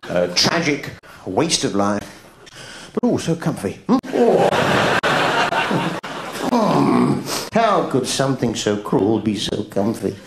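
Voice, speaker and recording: An English man performs live stand-up comedy in a surreal, bouncy manner, his pitch swooping about as he throws in a quizzical "hmm?" and sudden high-pitched shouts. His voice rings through a large, echoey theatre, captured on an old video tape with plenty of background hiss. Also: big pitch swings, slow pace, creaky, long pauses, over a noisy crowd. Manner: surreal, absurd non sequiturs punctuated by a quizzical "hmm?". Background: audience laughter.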